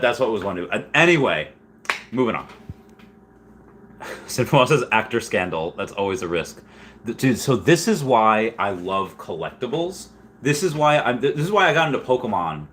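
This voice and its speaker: A man casually reading live chat and rambling about collectibles, animated and quick to laugh. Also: mid-range voice, a little hiss or hum.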